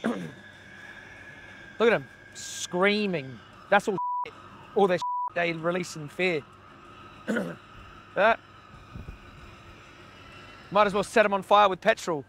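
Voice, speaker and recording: A man's voice: high voice, unhurried, vocal fry, long pauses, background noise. A man, an animal rights activist confronting people outdoors by a slaughterhouse, blunt and swearing, recorded on a handheld camera. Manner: blunt, heckling, swears a lot.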